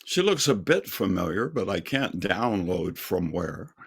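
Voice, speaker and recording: Older male singer, slow earnest testimony, low gravelly voice. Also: sing-song. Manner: slow, earnest storytelling with quoted dialogue. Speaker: singer and speaker. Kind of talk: testimony storytelling.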